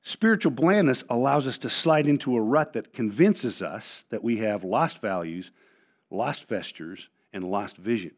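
An older man preaching a sermon as pastor. He often repeats and restarts words, and he swings between loud, emphatic lines and quiet asides. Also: medium pitch, expressive, unhurried. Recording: dull lo-fi sermon recording.

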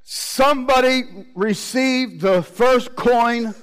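A man preaching a sermon with animated delivery, acting out the voices he quotes. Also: very high voice, slow, clear, resonant tone, poor audio.

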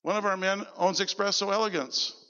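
A man preaching as pastor, telling stories in an animated sermon and quoting people in a lower voice. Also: brisk, big-room sound, dull audio. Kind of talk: sermon storytelling. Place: church service.

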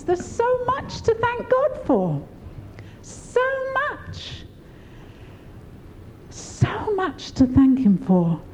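High lively woman preaching. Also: a little hiss or hum, poor audio. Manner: warm, laughing, encouraging, lively pitch swings. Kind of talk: sermon.

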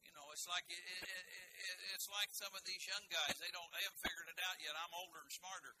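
A man's voice: high voice, steady tone, fast, background noise. A man preaching a sermon as pastor, in a folksy, conversational way with humorous asides and frequent restarts.

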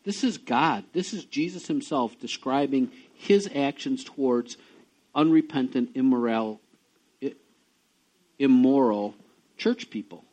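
A middle-aged man preaching a sermon, emphatic, dropping low and quiet and then rising loud and high. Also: a little slow, low-quality recording. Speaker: pastor.

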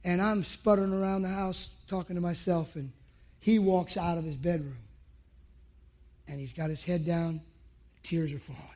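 A man's voice: high voice, steady tone, moderate pace, pauses often, darkish tone. A man preaching a sermon to men, telling a personal story in an emphatic way and acting out past conversations. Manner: emphatic, acts out his own past dialogue.

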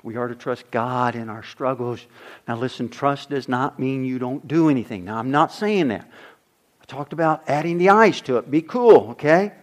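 A middle-aged man preaching a sermon as pastor, swinging from loud emphasis to near-whispers. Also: mid-range voice, moderate pace.

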